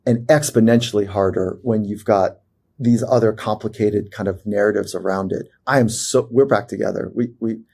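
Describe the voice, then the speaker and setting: A man, a performance psychologist, telling a personal story as a podcast guest in an animated way, with fillers and restarts. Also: on the low side, moderate pace, creaky, husky. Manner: animated storyteller who acts out quoted voices, many fillers and restarts.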